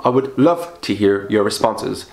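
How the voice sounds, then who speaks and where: A young man chatting casually about films he watched, bluntly and with sudden jumps up in pitch for emphasis. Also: lively intonation, unhurried, darkish tone. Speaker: film vlogger. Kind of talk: casual film review vlog. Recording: roomy echo.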